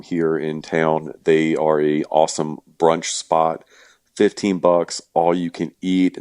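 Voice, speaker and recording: A man with an extremely deep, low voice talks casually as a guest on a podcast. He keeps it relaxed and joking, padding his sentences with fillers. The recording is dry and close. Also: dry recording. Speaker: event organizer and guest.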